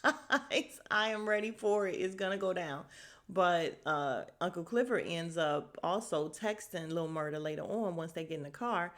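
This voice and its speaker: A woman's voice: on the low side, unhurried. A woman hosting a casual podcast, recapping a TV episode, acting out the characters' lines and laughing often. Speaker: podcast host.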